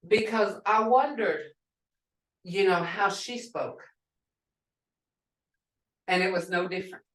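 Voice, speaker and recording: A woman teaching a language class over a video call, halting and explaining with examples. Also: mid-range voice, distant mic. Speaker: language instructor. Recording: echoey room, away from mic.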